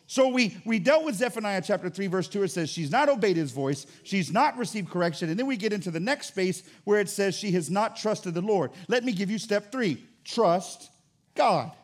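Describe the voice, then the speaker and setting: Pastor, male, very high and animated delivery, playful sermon with jokes. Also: moderate pace. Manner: lively, joking, preaching with acted-out asides.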